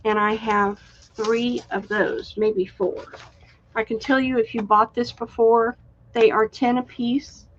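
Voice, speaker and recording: A woman hosting a live-stream craft sale, chatty and unhurried, admiring each item as she shows it. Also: a little high, level tone, highs cut off. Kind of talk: live-stream sales chat.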